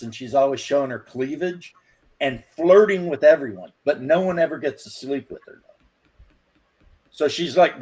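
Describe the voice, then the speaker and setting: A man's voice: mid-range voice, a little mellow, slightly rough. A man in casual chat, rambling and telling crude jokes, laughing at his own stories.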